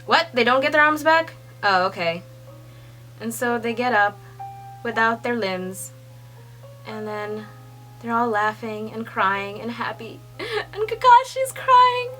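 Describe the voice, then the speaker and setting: A young woman reading a comic aloud and reacting as she goes, excitable and laughing, sometimes hushed and sometimes squealing. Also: a little high, takes it slowly, long pauses, faint music behind, poor audio. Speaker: manga reaction reader. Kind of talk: casual read-along reaction.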